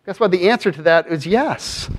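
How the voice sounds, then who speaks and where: A man's voice: high voice, lively intonation, moderate pace. A man preaching a sermon in an earnest manner, often posing rhetorical questions to his congregation. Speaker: pastor.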